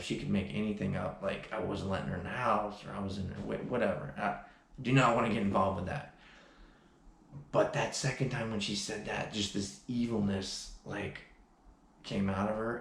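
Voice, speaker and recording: Brief: a man with a deep, gravelly voice in an emphatic personal vlog, roomy echo. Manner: emphatic storytelling with frequent restarts and "like". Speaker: vlogger. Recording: echoey room, faint background noise.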